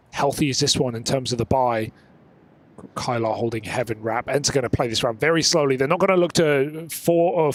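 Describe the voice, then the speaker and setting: A man giving brash, hyped play-by-play commentary on an esports match over a headset mic. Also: mid-range voice. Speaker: esports caster.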